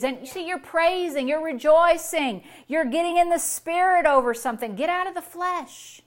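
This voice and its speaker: A woman's voice: high voice, moderate pace, hardly any pauses. A woman pastor preaching a sermon, exuberant, repeating short phrases and breaking into long fits of laughter.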